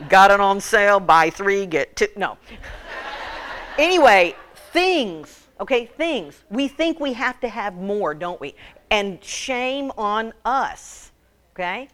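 A woman's voice: medium pitch, animated, slow pace, a bit bright. A woman giving a humorous sermon to a women's group, joking and calling on the audience for answers. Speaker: women's ministry speaker.

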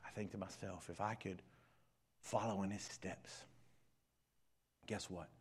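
A man preaching a sermon, swinging between hushed whispers and shouted peaks. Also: deep voice, fairly even intonation, measured pace, husky. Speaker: pastor.

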